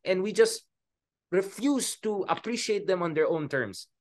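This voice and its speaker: A man's voice: high-pitched, moderate pace. A man with a Filipino accent in casual political discussion, switching between Filipino and English and calling his co-host "bro". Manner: animated, mixes Filipino and English, says "bro".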